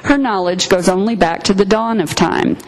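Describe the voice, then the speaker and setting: Aslan, a calm majestic lion, read by a woman. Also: mid-range voice, moderate pace, natural voice, rough recording. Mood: solemn.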